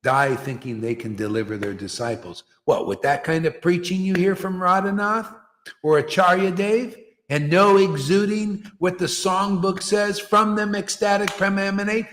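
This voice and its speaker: A man's voice: high voice, moderate pace, a bit bright, long reverb tail. A man preaching a fiery devotional sermon, emphatic and confrontational, challenging his listeners.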